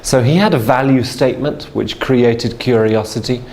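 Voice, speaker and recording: A man's voice: mid-range voice, normal speed, darkish tone, slight background noise. A man telling a story as a sales trainer, in a chatty way with many fillers and restarts. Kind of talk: storytelling lesson.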